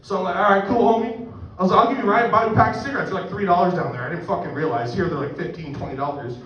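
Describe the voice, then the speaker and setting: Middle-aged man, profane stand-up storyteller, high voice, recorded distant and muffled. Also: rapid-fire, slight background noise. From Canada. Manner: crude, rambling, self-mocking. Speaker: stand-up comedian. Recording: echoey distant room mic, muffled.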